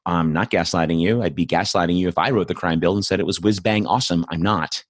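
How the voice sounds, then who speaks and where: A man's voice: sits low, fast talker, few pauses, no room sound, clean studio sound. A man hosting a show with ranting political commentary. He swears a lot, sounds angry and sarcastic, and stumbles over repeated words. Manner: angry, profane, sarcastic, with stuttered restarts. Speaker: host. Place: home in Austin.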